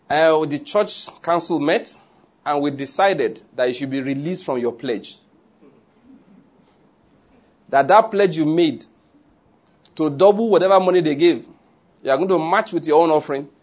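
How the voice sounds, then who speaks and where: A solemn, formal church deacon who speaks in a pleading tone, as a male preacher plays him. His voice is husky and sits a little higher than the preacher's own. He slows down for weighty phrases. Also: animated.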